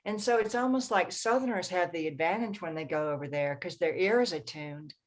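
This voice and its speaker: A woman's voice: lowish voice, brisk. A woman with a Southern US drawl, chatting and telling stories on a book club video call. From American South. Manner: lively, chatty storytelling. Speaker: book club member and narrator. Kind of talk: casual video-call chat.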